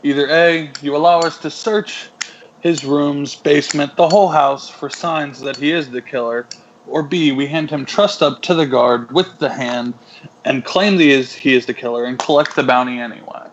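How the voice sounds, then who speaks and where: A man's voice: fairly high pitch, normal speed. A man at a tabletop game lays out his terms firmly and in a matter-of-fact way. His voice comes through a dull, lo-fi mic with faint noise behind it. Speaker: player.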